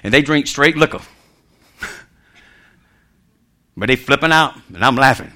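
A man's voice: mid-range voice, unhurried, sharp tone. A male minister preaching with humor, laughing often, acting out voices in his stories and calling out amen and come on.

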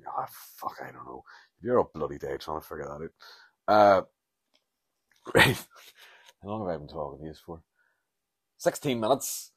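A man's voice: very deep voice, slightly rough, no room sound. A Northern Irish man around forty, hosting a podcast alone and rambling through stories, swearing and laughing often. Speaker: podcast host. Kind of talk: casual solo podcast rambling.

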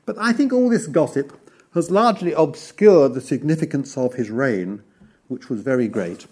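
A man giving a formal history lecture, measured and wry, listing details one by one. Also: mid-range voice, lively intonation, darkish tone, husky.

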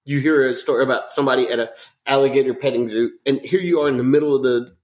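A man's voice: mid-range voice, fairly even intonation, fast talker, darkish tone. A man co-hosting a podcast who reacts with teasing, incredulous questions. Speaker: podcast co-host. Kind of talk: casual podcast chat.

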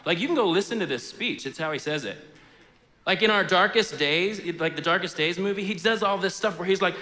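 A man preaching a sermon as pastor in a church sanctuary, in a conversational, animated way with frequent fillers. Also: sits high, moderate pace, in a large hall.

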